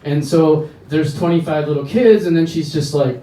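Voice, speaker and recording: A little high with a dark tone and lively intonation, an American male comic does crude, rambling stand-up at a bar, flipping quickly between voices in his storytelling. The mic sounds distant in the echoey room, with slight background noise.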